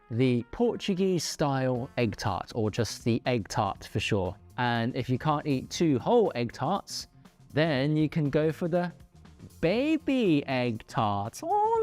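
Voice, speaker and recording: A man hosting a casual food review, playful and animated as he describes each dish. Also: medium pitch. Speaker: food show host.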